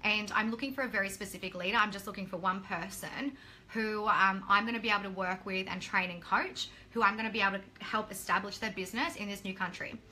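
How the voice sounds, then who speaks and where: A woman talks straight to her viewers as a business coach, blunt and liberal with swearing. Her voice is bright and forward. A faint hiss sits under the recording. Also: mid-range voice, fairly even intonation, fast talker. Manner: blunt, swears casually, acts out quotes. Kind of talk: motivational talk to camera.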